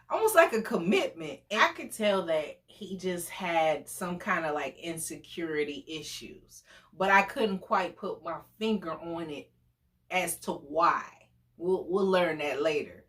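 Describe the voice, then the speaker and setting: Woman in her 40s chatting through a storytime vlog, lower voice, slow unhurried talk. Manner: chatty, conversational, full of fillers. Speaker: vlogger.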